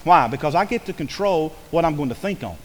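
Animated preacher in a reverberant hall. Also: male voice, fairly high pitch. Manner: animated, conversational preaching with quick asides and acted quotes. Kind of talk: sermon. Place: church sanctuary.

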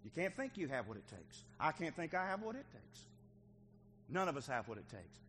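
A male pastor preaching a sermon to his church, moving from quiet teaching to shouted exhortation. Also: on the high side, big pitch swings, fairly quick, big-room sound, a little hiss or hum.

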